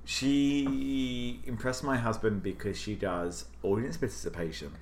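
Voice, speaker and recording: A British man co-hosting a podcast, chatting casually and telling a story with lively acted quotes. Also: measured pace, slight background noise. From Britain. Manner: animated storytelling, jumps high on acted quotes. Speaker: podcast co-host. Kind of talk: casual chat.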